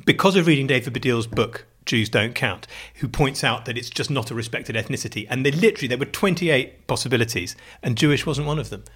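A middle-aged British man chatting casually as a podcast co-host, animated and jokey, swearing freely. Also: medium pitch, quick pace, hardly any pauses, husky. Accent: British English. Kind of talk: casual chat.

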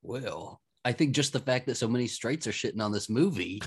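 A man's voice: mid-range voice, expressive, a little fast, breathy edge. A young man talking casually on a podcast, hesitant, often repeating words and laughing. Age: young adult. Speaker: podcast guest. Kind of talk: casual chat.

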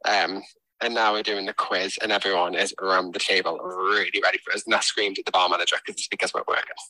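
Very low, bright-toned man. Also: level tone, quick pace, dry recording, rough recording. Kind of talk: casual chat.

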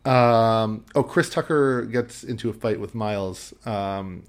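A man's voice: lowish voice, slow. Rambling man recapping a movie. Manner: rambling recap full of ums. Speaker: podcast co-host. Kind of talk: casual movie-recap chat.

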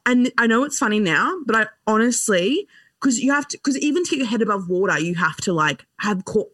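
A woman's voice: on the high side, expressive, a little fast, fairly bright tone, no room sound. A young woman telling a wild story on a podcast, laughing and swearing as she goes. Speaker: podcast guest. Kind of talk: casual storytelling chat. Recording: dry, slightly distant mic.

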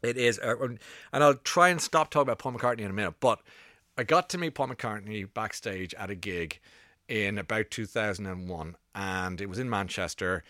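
A middle-aged man hosting a radio show, telling rambling stories with quick asides into a studio mic. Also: fairly low pitch, sharp tone, no echo. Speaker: radio host. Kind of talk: casual radio chat. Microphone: broadcast studio mic.

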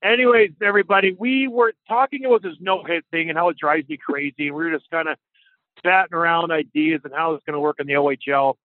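High-voiced man on a tinny line. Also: fast talker, dry recording. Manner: playful, rambling banter. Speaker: podcast co-host. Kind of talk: casual sports podcast chat. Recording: dry, tinny phone-like line.

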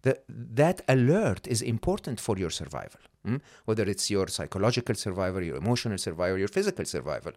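Creaky, lively-voiced man. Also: fairly low pitch, fast, hardly any pauses. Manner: animated, checks in with tag questions like "hmm?" and "right?"; frequent restarts and repeated words. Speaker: podcast guest. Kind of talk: conversational interview.

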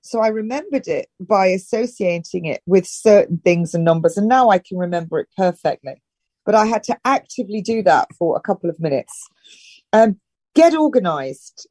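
A middle-aged woman from northern England talks as an interview guest, handing out brisk, direct instructions. Her voice is warm and mellow. It is recorded close and dry. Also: medium pitch, animated, no echo. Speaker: health and wellness guest. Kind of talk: casual advice-giving interview talk.

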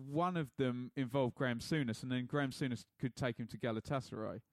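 A man's voice: medium pitch, brisk, a little mellow, no room sound. A man co-hosting a podcast in casual chat, jokey and laughing often as he reads out listener messages. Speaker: podcast co-host.

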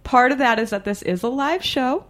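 A woman hosting a live podcast, talking quickly and excitedly, laughing often. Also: sits high. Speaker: podcast host. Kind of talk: casual chat. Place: studio, live show.

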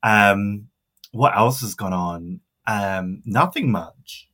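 A man's voice: fairly low pitch, takes it slowly, pushed and bright. A man co-hosting a podcast in casual chat, chatty and laughing often, trailing off with ums. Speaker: podcast co-host.

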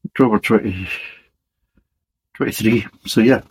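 A man's voice: fairly low pitch, unhurried, a little hiss or hum, poor audio. A man giving a casual, blunt and sweary spoken beer review with a wry, exasperated manner.

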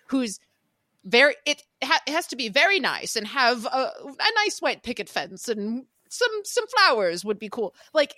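A woman's voice: fairly high pitch, bright, forceful tone, no room sound, clean studio sound. A woman co-hosting a podcast, chatting casually about a film and acting out its lines in playful voices. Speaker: podcast co-host.

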